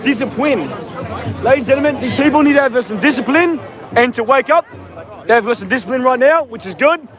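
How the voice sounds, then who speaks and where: Aussie guy with a real high voice, swearing a lot and hyping up his stream from the street. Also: expressive, fast talker, some chatter behind. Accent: Australian. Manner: loud, profane, rallying. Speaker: livestreamer. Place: city street outdoors.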